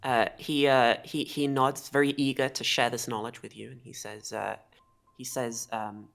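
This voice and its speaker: A woman narrating as game master of a tabletop game over a video call, with halting speech and frequent restarts. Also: extremely low pitch, little pitch movement, vocal fry, faint music behind. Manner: halting, lots of fillers and restarts.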